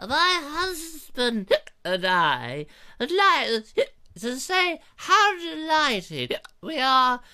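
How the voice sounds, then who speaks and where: Man playing a haughty high-pitched royal wife, warbling falsetto, lively sing-song delivery. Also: extremely slow, heavily acted. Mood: stately. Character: shrill posh queenly wife, complaining.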